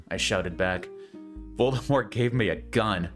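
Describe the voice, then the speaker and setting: A man's voice: fairly low pitch, moderate pace, a bit bright, faint music behind. A man giving a comedic dramatic reading of a bad story, with incredulous, mocking asides. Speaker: reader.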